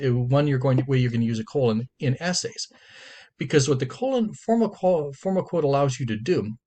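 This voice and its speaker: A male teacher explains a writing rule to his class in an easy, conversational lecture. He leans hard on the points he cares about and comes back to them more than once. His voice sits at an ordinary pitch for a man. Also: a little mellow. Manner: emphatic, conversational, stresses key points and repeats them.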